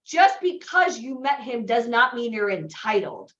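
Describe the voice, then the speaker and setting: At a live motivational seminar, a woman coaching an acting and modeling bootcamp talks to the group as a chatty storyteller, often checking in with "right?". Her voice is a little high, a bit bright and very animated, and she speaks unhurriedly. The room recording is echoey and slightly dull.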